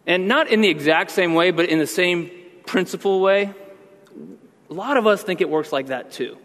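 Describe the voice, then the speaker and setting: A man's voice: sits high, normal speed, a bit bright, in a large hall. A man preaching a sermon with earnest emphasis, teaching through rhetorical questions. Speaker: pastor.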